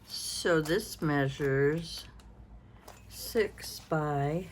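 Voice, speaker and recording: Tired low-voiced woman in her sixties. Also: extremely slow, slight background noise. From Canada. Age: 60s. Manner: rambling, thinks aloud, self-interrupting. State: tired and yawning. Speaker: craft vlogger. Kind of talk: casual show-and-tell chat.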